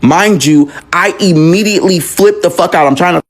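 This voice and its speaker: A young man recounting a personal story, animated and raw, acting out the voices of the people in it. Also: high-pitched, moderate pace. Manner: animated, acts out quoted voices with profanity.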